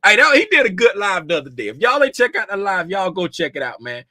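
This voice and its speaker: Livestream host, middle-aged man, bright and lively, chatty with viewers, dry close mic. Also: sits high, fast talker, no room sound. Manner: animated, greets chat viewers by name; drops to a hushed, confiding tone at times. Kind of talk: casual livestream chat.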